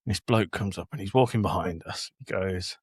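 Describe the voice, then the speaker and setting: Man, podcast host, animated storyteller, dry close mic. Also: low-pitched, moderate pace, husky, dry recording. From England. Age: adult with a young child. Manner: animated storyteller, acts out quotes. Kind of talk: casual chat.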